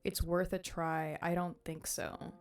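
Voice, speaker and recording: A woman streamer reading a visual novel aloud and breaking off into animated, slangy, swearing reactions to her chat. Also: lowish voice, unhurried, vocal fry, faint music behind.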